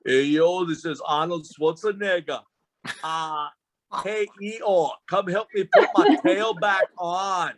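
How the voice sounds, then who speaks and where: A man doing an impression of a muscle-bound male action star, loud and blunt. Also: high voice, lively intonation, takes it slowly, pitched above the performer's own voice. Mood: brash.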